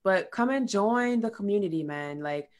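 A woman's voice: mid-range voice, expressive, moderate pace. A woman guest on a podcast, talking earnestly about faith and personal work, with casual slang. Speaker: podcast guest, sexual health coach. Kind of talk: casual spiritual chat.

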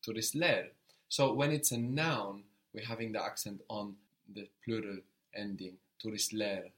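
A man teaching a language lesson, patient and encouraging, prompting a student step by step. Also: fairly low pitch. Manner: patient, encouraging, slow and deliberate.

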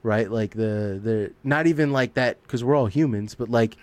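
A man's voice: medium pitch, normal speed, no echo. A man co-hosting a podcast, talking in a rambling, profane way and laughing often. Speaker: podcast co-host. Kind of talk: casual chat.

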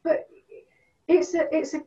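A middle-aged woman telling stories in a casual chat, animated, acting out what people said. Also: unhurried. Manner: animated storyteller, acts out quotes. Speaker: guest. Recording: distant, roomy, dull sound.

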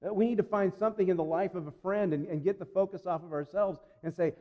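A man preaching a sermon in an earnest, emphatic way, repeating phrases and slowing down for weight. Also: sits high. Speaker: pastor. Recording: dull sound with long reverb.

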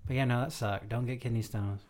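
A man's voice: medium pitch, steady tone, fairly quick, a little mellow. A man co-hosting a podcast, recounting an episode in easygoing casual chat. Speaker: podcast co-host.

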